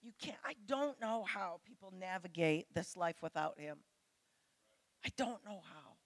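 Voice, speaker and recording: A woman's voice: lowish voice, animated, a little slow, no echo. A middle-aged woman preaching a sermon to women, earnest and pleading as she speaks straight to her listeners.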